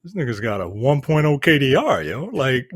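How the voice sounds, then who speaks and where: A man's voice: mid-range voice, big pitch swings, normal speed, breathy edge, no echo, studio quality. A man co-hosting a casual film review podcast, making incredulous, slangy jokes. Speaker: podcast co-host.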